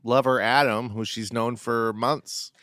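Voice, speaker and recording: A man's voice: mid-range voice, steady tone, unhurried, fairly bright tone, no room sound, clean studio sound. A man co-hosting a podcast, chatting casually about a reality show and joking around with mock posh bits. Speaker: podcast co-host.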